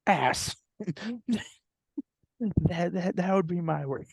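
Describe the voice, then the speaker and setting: A man's voice: sits high, slow pace, creaky, no echo, clean studio sound. A man hosting a podcast in casual chat, teasing his co-host and laughing often.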